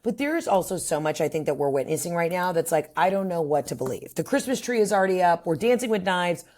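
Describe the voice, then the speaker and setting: A woman's voice: lowish voice, animated, fast talker, darkish tone. A woman comedian as a podcast guest, talking in a brash, crude, storytelling way. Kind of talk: casual chat.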